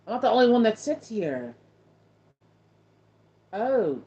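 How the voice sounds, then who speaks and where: A woman's voice: on the high side, very animated, slow pace, dark tone. A woman hosting a casual chat with viewers, telling a story in a rambling way with many restarts. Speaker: host. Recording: dull lo-fi sound.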